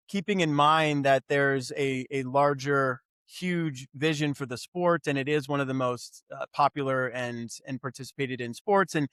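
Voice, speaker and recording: A man's voice: a little high, a bit bright, smooth, dry recording, clean studio sound. A man hosting an interview, affirming his guests and thinking aloud with restarts. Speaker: podcast host. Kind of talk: conversational interview.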